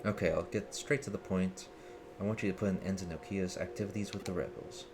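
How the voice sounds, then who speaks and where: A man's voice: low voice, steady tone, fairly quick, lightly acted. A man reading the lines of an earnest, idealistic young male hacker leader in a formal, solemn way. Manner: formal, solemn speeches read aloud. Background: game music.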